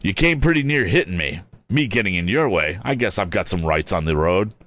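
A man's voice: deep voice, animated, fairly quick, fairly bright tone, no echo. A man voicing a plucky teenage boy hero who talks back with indignant spirit.

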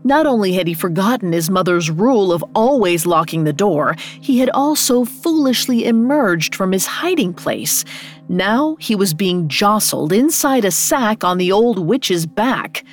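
A woman narrating a scripted fairy tale as a storyteller, expressive, rising on dramatic beats. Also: medium pitch, unhurried, few pauses, soft background music.

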